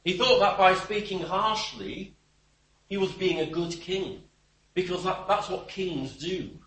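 A male preacher delivering a sermon in a fairly high, bright and forceful voice. He makes wry, scornful asides with clear emphasis. The voice is picked up from a distance in an echoing room. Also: steady tone, unhurried. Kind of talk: expository sermon. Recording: roomy, distant church mic.

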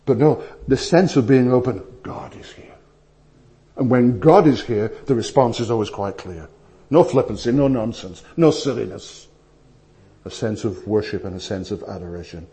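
Man preaching, loud then hushed. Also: medium pitch, moderate pace. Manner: animated storytelling, swings between loud emphasis and hushed asides. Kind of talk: sermon with anecdotes.

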